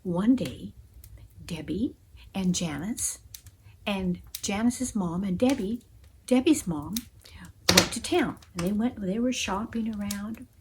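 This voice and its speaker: A woman telling a story in an expressive, animated way, acting out voices and gasps. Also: mid-range voice, slow pace, background noise. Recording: music playing behind.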